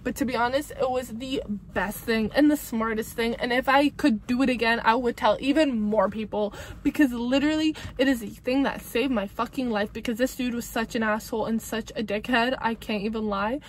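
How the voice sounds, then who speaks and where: High-voiced young woman ranting bluntly. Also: a little fast, hardly any pauses, a little hiss or hum. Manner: blunt, emphatic and profane, ranting with repetition. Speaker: vlogger giving breakup advice. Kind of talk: casual advice monologue.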